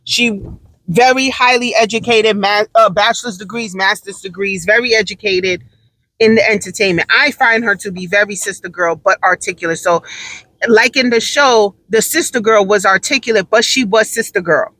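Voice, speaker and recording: A woman's voice: mid-range voice, normal speed, pushed and bright, no room sound, rough recording. A woman telling a story in a casual monologue, emphatic and repeating her points for stress.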